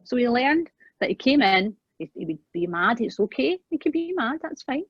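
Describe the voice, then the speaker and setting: A woman guest in an interview, earnestly telling a personal parenting story and acting out the quoted lines, often trailing off softly. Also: fairly high pitch, sing-song, normal speed, breathy edge, no room sound. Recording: dull, dry, lo-fi sound.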